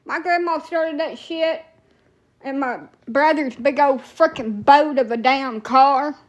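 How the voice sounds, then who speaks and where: Woman w just ranting and cussing, kinda high voice, all over the place. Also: slow, lo-fi sound. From Alabama, USA. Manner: profane, blunt, rambling. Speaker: TikTok storyteller. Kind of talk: casual storytelling rant.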